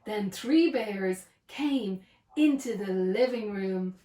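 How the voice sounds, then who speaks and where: A woman reading a children's storybook aloud in an expressive, sing-song way. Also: medium pitch, takes it slowly. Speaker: storybook narrator. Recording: roomy echo.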